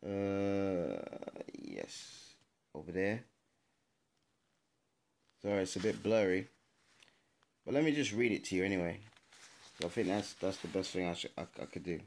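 Gravelly-voiced man teaching scripture. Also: low voice, expressive, a little mellow. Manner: emphatic, addresses viewers directly, pauses to check sources. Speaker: Bible teacher. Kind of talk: informal video Bible teaching. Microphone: camera mic, adjusting camera while talking.

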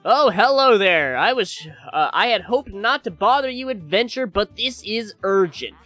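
A man voicing a worried, polite male city official in a game, speaking slowly and formally. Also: high-pitched, animated, sharp tone, no echo, soft background music, voice pushed up. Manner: slow, formal, courteous speech.

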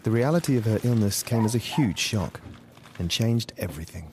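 A man giving a measured, sombre documentary narration. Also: lowish voice, expressive, noisy background.

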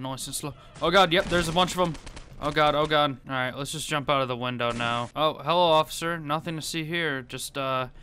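A man giving gameplay commentary, panicking and pleading in fast repeated bursts. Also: medium pitch, bright, forceful tone, a little hiss or hum. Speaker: gaming YouTuber.

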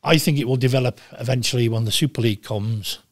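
An older man in his sixties, talking bluntly and with lots of swearing in a casual interview, telling animated stories. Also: medium pitch, fast, no echo, clean studio sound. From Wales. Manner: blunt, profane, animated storytelling. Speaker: guest, former goalkeeper.

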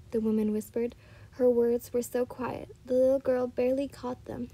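A woman's voice: on the high side, level tone, normal speed, warm tone, slightly rough, poor audio. A woman reading fan fiction aloud, often stumbling and correcting herself. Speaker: storyteller.

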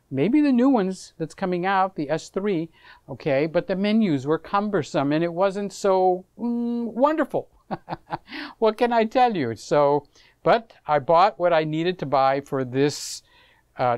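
A middle-aged man hosting a camera vlog, telling a story to the camera in a casual, animated way. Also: fairly high pitch, no room sound. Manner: animated, acts out conversations, chuckles often. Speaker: camera reviewer, vlog host.

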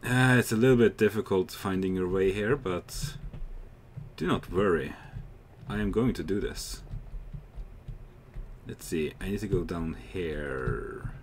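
Young guy rambling over his game, gets loud and sweary, faint hiss behind him. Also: deep voice, a little slow, long pauses. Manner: chatty, excitable, swears freely. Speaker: gamer. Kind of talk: casual gaming commentary.

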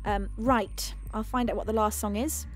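A woman's voice: medium pitch, fairly even intonation, normal speed, a little hiss or hum. A woman hosting a live music stream, chatting casually and effusively thanking her viewers. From United Kingdom. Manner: effusive, affectionate.

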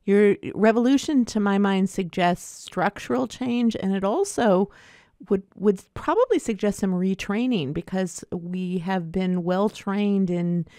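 A woman hosting an interview, asking measured, thoughtful questions with pauses and fillers. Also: medium pitch, mellow, no echo, clean studio sound. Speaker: interview host.

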